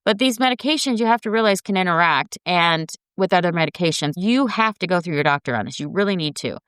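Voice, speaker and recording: Woman host, middle-aged, earnest coaching tone, casual health talk, clear voice, dry close sound. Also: lowish voice, lively intonation, fast talker, a bit bright, no echo. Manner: earnest, coaching, addresses listeners as guys. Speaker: podcast host.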